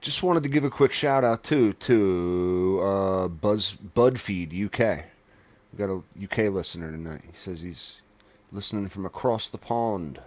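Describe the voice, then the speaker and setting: A man's voice: low voice, unhurried, darkish tone, no room sound. A man hosting a podcast in casual chat, laid-back and joking, with some swearing.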